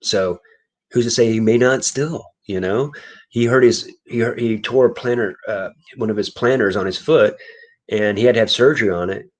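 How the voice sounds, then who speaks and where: A man's voice: on the low side, moderate pace. A man telling a long childhood story in casual chat as a reseller, rambling and laughing often.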